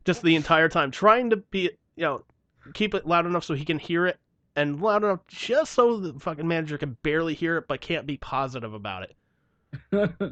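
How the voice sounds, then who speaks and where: A man's voice: on the high side, moderate pace, long pauses, no echo, highs cut off. A young man on a podcast, casually telling a story full of swearing and acted-out dialogue. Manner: profane, animated storytelling. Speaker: podcast host. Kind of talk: casual chat.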